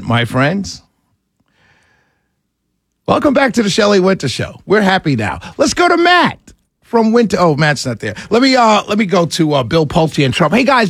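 A high-pitched man hosting live talk radio, excitable and frustrated, swinging between heated rants and calming himself down. His voice sits close and dry on the mic, with no room sound around it. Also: breathy edge, no room sound. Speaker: radio talk show host.

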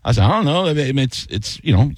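A man in a relaxed talk-show chat, spinning a long story in an unhurried way and stopping often to restart his sentences. His voice sits at a middle pitch. The sound is dry and close, with no room echo. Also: husky. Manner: laid-back storyteller, many fillers and restarts. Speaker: co-host. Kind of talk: casual chat.

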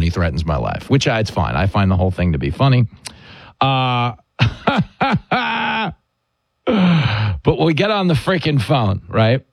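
A man's voice: medium pitch, unhurried, gravelly, dry recording, studio quality. A man hosting a radio talk show, joking and telling stories about himself. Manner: joking, self-mocking, animated storytelling. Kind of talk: casual radio chat.

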